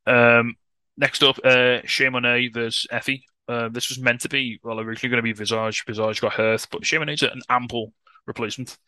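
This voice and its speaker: A man co-hosting a podcast, chatting casually and excitably, swearing and laughing often. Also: mid-range voice, fairly quick, smooth, dry recording. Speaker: podcast co-host. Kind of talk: casual wrestling podcast chat.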